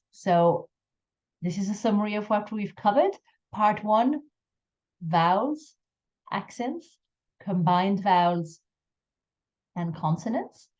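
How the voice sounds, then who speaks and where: A woman teaching French pronunciation in a recorded lesson, explaining slowly and carefully, drawing out her example phrases. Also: mid-range voice, darkish tone, muffled recording.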